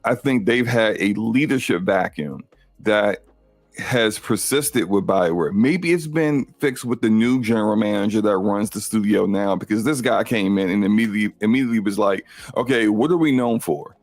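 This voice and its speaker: Co-hosting a gaming podcast, a man with a lowish voice talks at normal speed in a recording with no echo. He's casual but insistent, rambling and emphatic, often repeating words as he argues a point.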